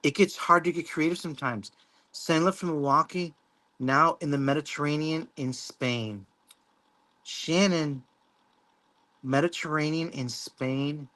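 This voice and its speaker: A man's voice: mid-range voice, a bit bright. A man hosting a live stream, reading out viewer comments and chatting casually, rambling, swearing and laughing often. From Mexico. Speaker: livestream host.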